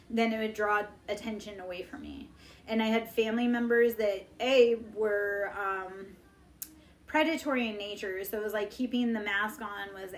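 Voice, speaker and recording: Blunt, profane woman ranting on a livestream. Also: a little high. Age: 40s. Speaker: live-stream host. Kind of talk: casual live-stream monologue.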